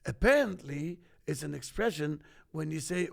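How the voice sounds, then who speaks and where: Gravelly Egyptian-born man telling stories. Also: fairly high pitch, normal speed, few pauses. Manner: animated storyteller, acts out quoted voices. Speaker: host. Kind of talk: casual storytelling chat.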